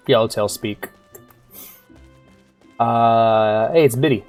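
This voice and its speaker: A man's voice: mid-range voice, normal speed. Playful man joking through a game. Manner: joking, playful, self-mocking, swears casually. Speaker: streamer playing a game. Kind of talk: casual gameplay commentary. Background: faint music.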